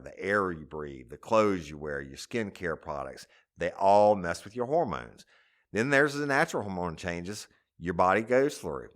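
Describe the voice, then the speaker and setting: Smooth-voiced man reading ads. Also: deep voice, fairly bright tone. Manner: upbeat, spells out web addresses slowly. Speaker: podcast co-host reading ads. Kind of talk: read sponsor ads.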